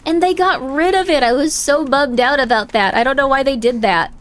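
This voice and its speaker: A woman's voice: high-pitched, a little fast. A woman streamer chatting casually while playing a game, rambling with lots of filler words. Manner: rambling, heavy use of 'like'. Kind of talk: casual gaming livestream chat. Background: faint game music.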